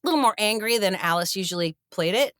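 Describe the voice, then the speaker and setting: A woman actress as a guest in an interview, telling backstage stories in a lively way and acting out what people said. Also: mid-range voice, fast, no echo. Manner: animated storyteller, acts out quotes with laughs. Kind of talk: interview storytelling.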